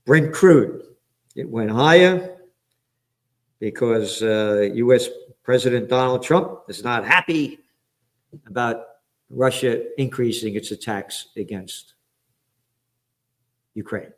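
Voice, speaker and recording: A man's voice: mid-range voice, expressive, slow, pauses often. A man from the Bronx, hosting a profane, combative current-affairs commentary. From the Bronx, New York. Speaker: trends forecaster and show host.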